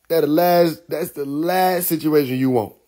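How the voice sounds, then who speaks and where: A man's voice: fairly high pitch, mellow. A young adult man hosting a live stream, talking casually and animatedly, laughing often and mimicking others.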